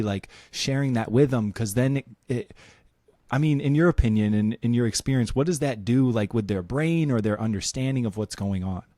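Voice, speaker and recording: A man's voice: mid-range voice, mellow, no room sound, studio quality. A man hosting a podcast interview, affirming the guest and talking with many hesitations and "like"s. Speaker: podcast host.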